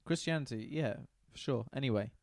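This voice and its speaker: A man, casually retelling a Bible story in a deadpan, joking way. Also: mid-range voice, fairly quick, no room sound, clean studio sound. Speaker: podcast co-host retelling Bible stories. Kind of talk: casual comedic chat.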